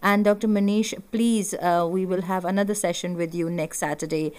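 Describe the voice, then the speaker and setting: A woman hosting a radio interview, brisk as she wraps up the show and thanks her guest. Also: lowish voice, fairly even intonation, a little mellow, smooth. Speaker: radio host.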